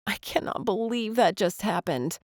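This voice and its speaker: A woman playing a bubbly, quick-talking young American woman in a storybook reading, her voice lifting higher when she protests. The sound is close and dry. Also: lively intonation, darkish tone, no echo, natural voice. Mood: playful. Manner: bubbly, quick, easily embarrassed.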